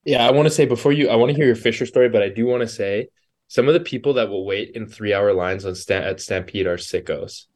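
A man co-hosting a podcast, talking in an animated, emphatic way. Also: fairly low pitch, fast. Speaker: podcast co-host. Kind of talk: casual chat.

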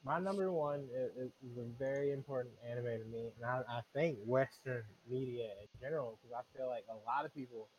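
A man's voice: mid-range voice, brisk, few pauses, darkish tone. A man co-hosting a casual podcast, talking with enthusiasm and hyping things up with slang. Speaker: podcast co-host. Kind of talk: casual chat. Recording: dull audio with faint noise.

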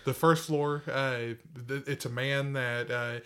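A man co-hosting a casual podcast, telling a joke story slowly with many pauses and fillers. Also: medium pitch, fairly even intonation, bright, forceful tone, clean tone. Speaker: podcast co-host. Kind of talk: casual chat.

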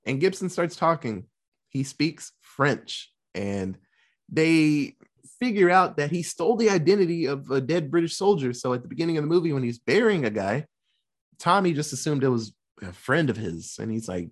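Profane, animated male storyteller. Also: mid-range voice, normal speed. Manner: profane, jokey, animated retelling with put-on quotes. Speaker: podcast co-host recapping a film. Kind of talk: casual chat.

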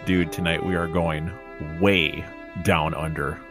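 Deep-voiced laid-back podcast host. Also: male voice, fairly even intonation, takes it slowly, over music. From Minnesota. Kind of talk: casual chat.

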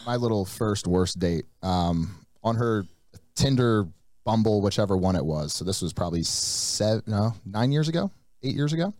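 A man's voice: lowish voice, expressive, normal speed, darkish tone, dry recording, studio quality. A young man co-hosting a podcast, telling a self-mocking dating story in a wry way. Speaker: podcast co-host. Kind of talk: casual chat.

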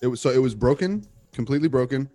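A man's voice: mid-range voice, expressive, fast, mellow, no room sound, faint music behind. A man in his thirties, a podcast guest, sounding stuffy and nasal from a broken nose as he chats casually, rambling with fillers and restarts. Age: 30s.

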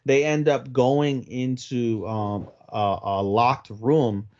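A man's voice: mid-range voice, steady tone, a little mellow, dull audio. Crude, swearing young man recapping an episode. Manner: crude, profanity-heavy retelling with quick put-on voices. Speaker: podcast co-host. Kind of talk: casual chat recapping an episode.

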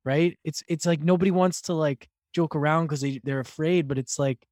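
A man hosts a conversational podcast in a somewhat high voice, musing on ideas in a reflective, affirming way. The recording is close and dry. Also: moderate pace, a little mellow, no room sound. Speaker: podcast host. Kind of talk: casual conversation.

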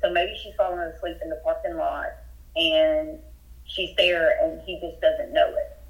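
A woman's voice: deep voice, fairly even intonation, unhurried. A woman from Texas telling a personal story as a guest, in an earnest, detailed way. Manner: earnest, detailed retelling with rising urgency. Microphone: telephone. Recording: muffled phone line.

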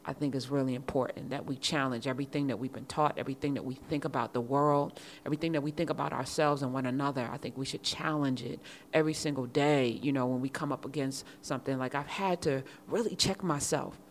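A woman's voice: very deep voice, fairly even intonation, quick pace, slight background noise. A woman hosting a casual podcast monologue, talking with passion and firing off emphatic rhetorical questions. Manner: repeats words when starting a thought. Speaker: podcast and radio host.

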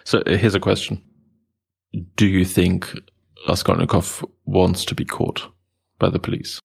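Low gravelly man in casual chat. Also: level tone, measured pace. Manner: hesitant, many restarts and fillers. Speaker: book club participant. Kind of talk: casual book discussion.

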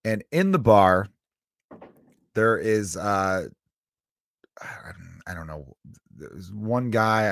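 A man's voice: low voice, fairly bright tone, dry recording, clean studio sound. A man in his thirties hosting a podcast, telling a rambling story in a profane, self-mocking, casual way. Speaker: podcast host. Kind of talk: casual comedic monologue.

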